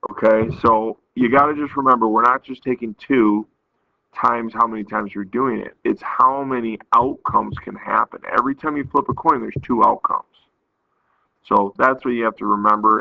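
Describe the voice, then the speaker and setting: A man patiently walks through a recorded math lesson step by step, counting aloud. His voice is lowish and gravelly, and the audio is dry and tinny, like a phone.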